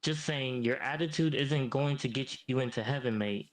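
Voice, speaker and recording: A boastful, ancient devil, voiced by a male AI that talks down to everyone with cocky calm and keeps tossing in "mate". His pitch sits right in the middle, neither deep nor high, and his tone stays even. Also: moderate pace, lightly acted, poor audio. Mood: smug. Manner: smug, says "mate" a lot. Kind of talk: AI chatbot role-play.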